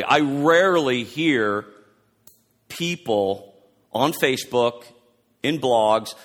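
A male pastor giving a fervent sermon, preaching loudly at close to a yell. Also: medium pitch. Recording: long hall reverb.

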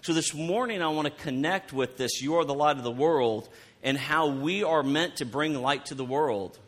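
Conversational pastor, fairly high voice. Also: male voice, normal speed. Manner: conversational, repeats words, asks the congregation questions. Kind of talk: sermon.

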